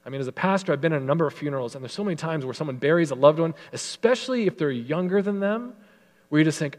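A male pastor delivering an earnest, emphatic sermon in a fairly high voice. He slows down and softens when he reads scripture, and a long hall reverb trails behind his words. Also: animated.

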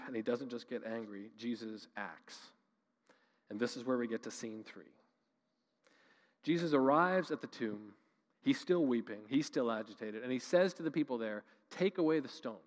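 A male pastor from Canada preaching a sermon with passion, moving between loud emphatic lines and quiet, slow ones. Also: fairly high pitch. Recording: long reverb of a large hall.

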